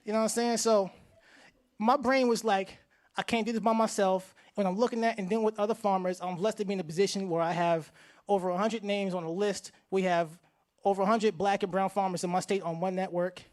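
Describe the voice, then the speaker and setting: A man from Hartford, Connecticut, a farmer telling his life story live on stage in an animated, slangy way, speaking straight to the audience. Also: sits high, a little fast. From Hartford, Connecticut, USA.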